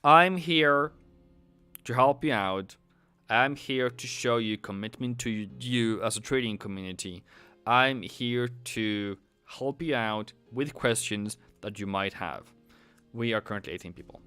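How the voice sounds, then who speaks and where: A man's voice: medium pitch, measured pace, bright, forceful tone, clean tone, faint music behind. A trading educator, a tired man, doing casual live chart commentary and chanting buy and sell calls. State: worn out.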